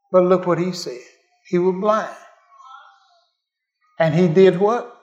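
A high-pitched man preaching at an unhurried pace in a roomy, echoing church. He drops to near-whispered murmurs, then climbs to shouted, almost sung cries. Between phrases he laughs softly and calls out to his listeners. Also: highs cut off. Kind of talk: sermon.

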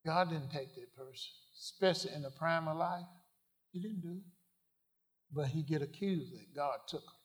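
A man preaching a sermon, asking the congregation questions and swinging from quiet asides to loud declarations. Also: a little high, moderate pace. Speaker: pastor.

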